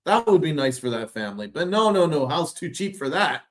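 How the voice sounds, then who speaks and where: A man's voice: a little high, sing-song, a little fast. A man hosting a sports podcast, ranting with sarcastic, exasperated, profane commentary. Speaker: podcast host.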